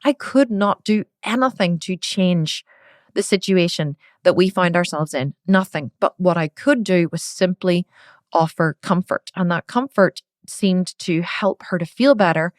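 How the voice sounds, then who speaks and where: Middle-aged woman podcast host, lowish voice, earnest and emotional, dry close sound. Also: unhurried, no echo. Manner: emotional, earnest, repeats herself for emphasis. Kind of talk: personal reflective monologue.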